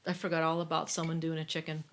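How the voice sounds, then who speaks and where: A woman's voice: deep voice, completely flat delivery, fast talker. A woman co-hosting a podcast, reading passages aloud and reacting to them in a casual chat. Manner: reactive, reads aloud then comments. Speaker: podcast co-host.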